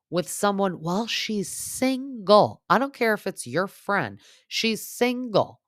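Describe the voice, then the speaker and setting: A woman's voice: medium pitch, big pitch swings, a little slow, hardly any pauses, dry recording, studio quality. A young adult woman hosting a podcast, chatting casually and opinionatedly about reality TV, with lots of "like" fillers. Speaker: podcast host. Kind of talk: casual reality TV recap chat.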